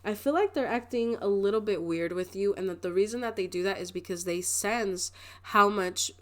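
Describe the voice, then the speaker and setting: In a casual pick-a-card tarot reading, a young woman chats and rambles, often laughing and beginning her sentences again. She has a mid-range voice and talks at a normal speed.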